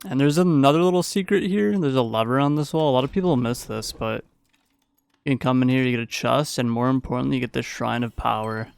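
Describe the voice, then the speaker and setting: Gaming YouTuber, male, mid-pitched, gravelly yet smooth, easygoing play-by-play voice-over. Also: fairly quick, darkish tone. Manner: casual, playful play-by-play recap. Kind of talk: gameplay commentary voice-over.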